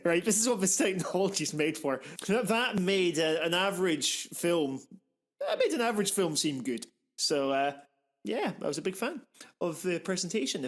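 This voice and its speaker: Animated man, high voice. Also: fairly quick. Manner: animated, rambling, swears freely. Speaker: podcast host. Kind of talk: casual film discussion.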